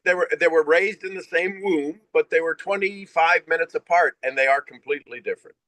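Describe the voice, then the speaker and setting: A man's voice: on the high side, a little fast, fairly bright tone, dry recording, rough recording. A man hosting a casual video call, praising a guest and laughing often. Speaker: host.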